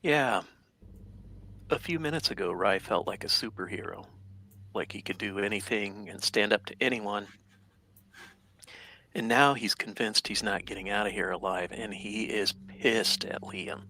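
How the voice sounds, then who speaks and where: A man's voice: on the low side, measured pace, long pauses, sharp tone. A man playing a tabletop horror game, summing up his character's mood in a matter-of-fact way. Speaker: player.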